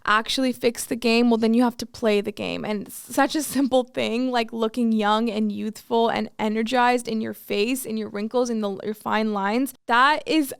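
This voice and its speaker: A woman's voice: a little high, steady tone, moderate pace, creaky, few pauses, clear, resonant tone, no room sound, clean studio sound. A woman in her twenties giving earnest, casual life advice to camera, full of "like" fillers. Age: 20s. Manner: earnest, filler-heavy with many "like"s. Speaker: vlogger.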